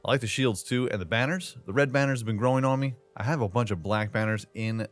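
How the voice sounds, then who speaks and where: A man's voice: medium pitch, fast talker. A man hosting a casual gameplay commentary, chatty and playful with loose slang and asides, recorded as a voice-over on a desk microphone. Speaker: gaming channel host.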